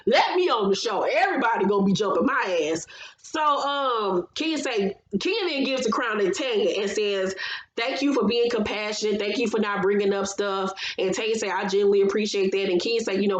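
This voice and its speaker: A woman's voice: medium pitch, slight background noise. A woman recapping a reality TV episode in a blunt, sassy, heavily profane casual style. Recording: roomy, slightly dull recording.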